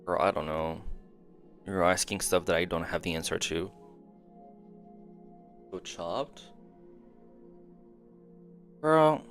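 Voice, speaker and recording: A male game streamer talking in casual livestream chat, swearing freely and laughing between thoughts. His pitch swings widely as he talks. He speaks in an unhurried, drawn-out way. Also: very animated, fairly bright tone, soft background music. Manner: profane, chatty, often laughing.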